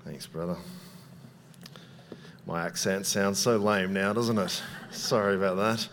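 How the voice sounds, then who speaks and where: A man's voice: sits low, a little slow, fairly bright tone. A young man preaching a sermon in a casual, conversational way, with frequent fillers and self-deprecating asides.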